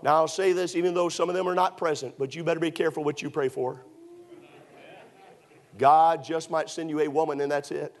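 A middle-aged man preaching a sermon, telling stories emphatically and rising to shouts. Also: on the high side, steady tone, fairly quick. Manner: emphatic, storytelling, surges to shouts. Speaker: pastor.

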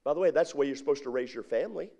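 A man's voice: mid-range voice, rapid-fire, dark tone. A middle-aged man preaching a sermon as pastor, drawing his congregation in with call-and-response questions.

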